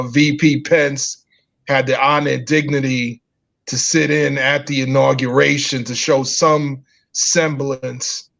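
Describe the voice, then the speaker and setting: A gravelly-voiced man hosting a casual political talk show, speaking in a measured way with filler pauses. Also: mid-range voice, a bit bright. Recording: dull lo-fi audio.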